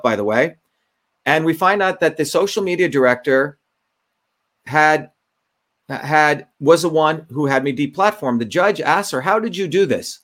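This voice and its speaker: A man's voice: on the high side, fairly bright tone. A man who is a Senate candidate, talking emphatically in an interview, repeating his points and often restarting his sentences. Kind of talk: interview talk, recounting a story.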